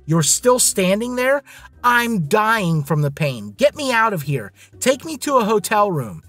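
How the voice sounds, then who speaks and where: A man's voice: high voice, big pitch swings, normal speed, fairly bright tone, husky, dry recording, faint music behind, voice pushed up, heavily acted. A man voicing a scheming, cocky rich young man who talks in a bossy, demanding way.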